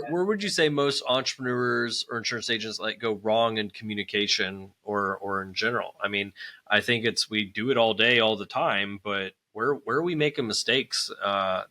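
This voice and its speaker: A male podcast host interviews his guest with clear enthusiasm, restarting his questions as he goes. His voice is bright and lively. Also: mid-range voice. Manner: enthusiastic, laughs easily, hesitant restarts when asking.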